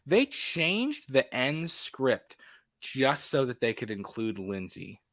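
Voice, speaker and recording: A man's voice: mid-range voice, sing-song, takes it slowly, fairly bright tone, no echo. A man co-hosting a casual movie podcast, rambling with plenty of fillers and restarts. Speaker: podcast co-host.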